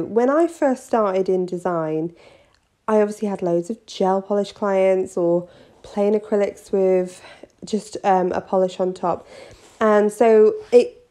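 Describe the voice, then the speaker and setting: A woman's voice: mid-range voice, mellow. A woman, a nail artist, rambling cheekily through a casual tutorial vlog.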